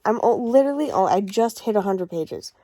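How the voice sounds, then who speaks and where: A young woman book vlogger talks in a loose video-diary way, rambling and gushing, stopping to restart her sentences. Her voice sits at an ordinary middle pitch and sounds dry and close. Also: animated, a little fast, mellow, dry recording.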